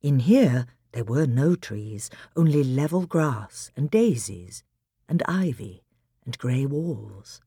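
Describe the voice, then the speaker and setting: A woman reads a children's story aloud in a low, slightly husky voice. Her delivery is expressive and lively, rising and falling freely. The sound is close and dry. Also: takes it slowly, no echo. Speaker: audiobook narrator. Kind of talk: audiobook narration of a children's novel.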